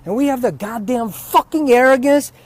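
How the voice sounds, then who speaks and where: A man giving an unscripted spiritual teaching talk outdoors, ranting with heavy profanity and sudden loud outbursts. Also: very high-pitched, normal speed. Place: outdoors near dogs.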